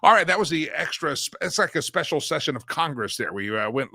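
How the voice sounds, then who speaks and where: A man's voice: on the high side, expressive, a little fast, creaky, sharp tone, no room sound. A man hosting a political talk show, joking around and chanting sing-song catchphrases. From Colorado, USA.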